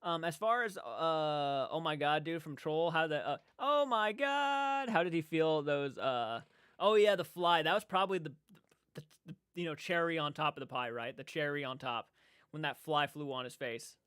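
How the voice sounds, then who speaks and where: A man hosting a casual livestream chat. He is rambling and excitable and often restarts his sentences. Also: fairly high pitch, moderate pace, clear, resonant tone, no room sound, clean studio sound. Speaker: livestream host. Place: indoor room.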